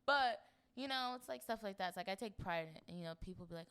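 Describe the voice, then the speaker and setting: A young woman from Florida, co-hosting a podcast in chatty, animated casual conversation. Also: medium pitch, quick pace, smooth. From Florida, United States. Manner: chatty and animated, swings into playful put-on voices. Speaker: podcast co-host. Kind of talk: casual chat.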